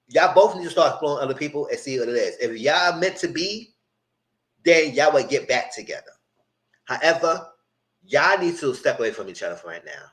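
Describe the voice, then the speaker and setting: A male TV recap host gives casual live-stream commentary on a reality show, animatedly acting out cast quotes in voices. He has a medium-pitched voice, and the audio quality is poor.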